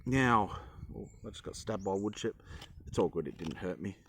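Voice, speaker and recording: A man's voice: low-pitched, normal speed, a little hiss or hum. A young Australian man chatting casually as he teaches woodcarving, rambling with self-deprecating humor. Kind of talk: casual instructional talk while carving.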